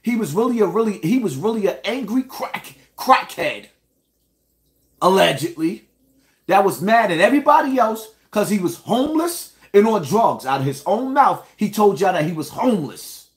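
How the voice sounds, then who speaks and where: A man's voice: high-pitched, sing-song, moderate pace. A man ranting to his viewers in reaction commentary, emphatic and indignant, speaking straight to the audience.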